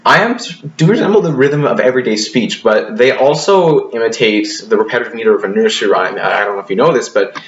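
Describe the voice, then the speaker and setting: A man's voice: medium pitch, quick pace, few pauses, muffled recording, slight background noise. Hesitant male teacher in an echoey room. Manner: hesitant, many ums and restarts; apologetic asides. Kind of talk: recorded video lesson.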